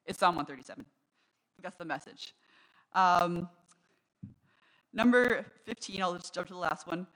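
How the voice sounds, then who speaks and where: A woman pastor giving a casual sermon to her congregation, running a light quiz game and reading short quotes aloud slowly. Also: lowish voice, lively intonation, rough recording. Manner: conversational, reads quotes aloud slowly and brightly. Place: church service.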